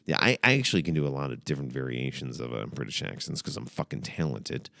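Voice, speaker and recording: Deep gravelly man ranting. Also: quick pace, no room sound, studio quality. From United States. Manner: sarcastic, profane, animated, puts on mock accents. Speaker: comedy podcast host. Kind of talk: rambling comedic advice.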